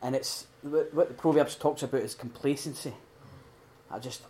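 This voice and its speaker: A middle-aged man giving an earnest, heartfelt talk at a recovery retreat. He swings between loud emphasis and hushed, prayerful quiet. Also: mid-range voice, moderate pace. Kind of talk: informal sermon talk.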